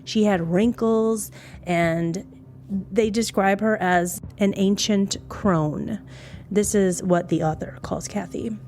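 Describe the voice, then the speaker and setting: A woman's voice: mid-range voice, steady tone, takes it slowly, darkish tone. A woman hosting a podcast, telling a true crime story in a casual, chatty way, skeptical and acting out the quotes with jumps in her voice. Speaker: podcast host.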